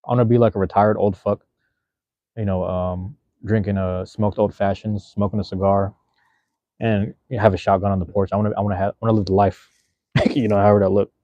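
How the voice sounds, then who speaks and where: A man's voice: lowish voice, little pitch movement, fairly quick, dark tone, dry recording, muffled recording. A young man in his twenties hosting a livestream, chatting loosely with viewers in rambling, profane slang from a room at home. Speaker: livestream host. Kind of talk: casual livestream chat reading viewer comments.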